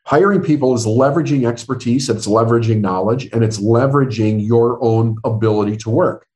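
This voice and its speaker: A middle-aged man speaks as a guest business coach, earnest and emphatic. His voice sits at an ordinary medium pitch, and he acts out the people he quotes as he tells his stories. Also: fairly quick, darkish tone. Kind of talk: storytelling interview answers.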